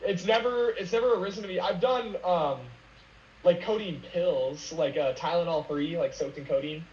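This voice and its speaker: A man's voice: sits high, fairly even intonation, normal speed, darkish tone. A man talking casually on a podcast as a guest, rambling with lots of fillers and swearing. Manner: rambling, many fillers, profane. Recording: roomy lo-fi with faint noise.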